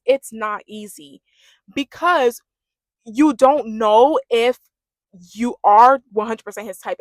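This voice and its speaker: A woman's voice: fairly high pitch, dry recording, studio quality. A young woman giving a casual, sassy rant recapping a reality dating show and mimicking the cast as she goes.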